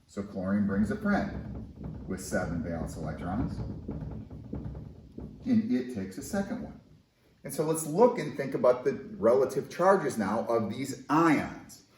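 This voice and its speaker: Man, chemistry teacher, enthusiastic, conversational, very lively pitch, echoey room. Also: measured pace, long pauses, noisy background. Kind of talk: recorded classroom lesson.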